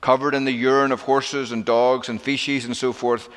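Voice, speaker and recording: A man preaching a sermon, telling the story with lively acted-out quotes and plain explanation. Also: mid-range voice, normal speed, few pauses, long reverb tail.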